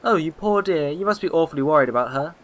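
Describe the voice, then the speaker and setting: A man's voice: fairly high pitch, expressive, fast talker, pitched above the performer's own voice, close to an everyday voice, poor audio. A man voicing a chatty, fussing old woman neighbour who loves to gossip, with game music behind. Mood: gossipy.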